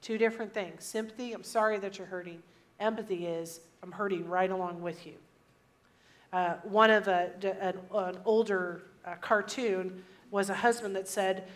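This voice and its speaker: A woman's voice: mid-range voice, steady tone, normal speed. A woman with a mid-range voice teaches a church lesson on relationships. She sums up her points in catchy sayings and repeats them. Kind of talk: sermon teaching.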